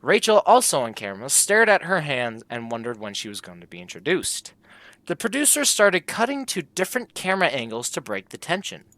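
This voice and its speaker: A man plays through a comedy text game and reads every line aloud. His voice swings up and down with lively pitch while he jokes about the choices. The sound is dry and close, with no room around it. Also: a little fast, no echo. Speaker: gameplay commentator.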